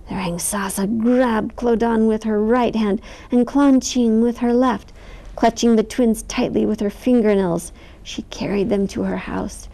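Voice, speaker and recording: A woman storyteller reading a picture book aloud, expressive and animated, with sound effects. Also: on the high side, unhurried.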